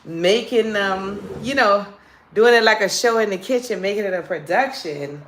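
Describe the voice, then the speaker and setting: A woman's voice: mid-range voice, normal speed, slight background noise. Chatty New Orleans woman in an echoey room. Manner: chatty, playful, calls viewers "girl" and "child". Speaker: comedian hosting a live stream. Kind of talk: casual live-stream chat.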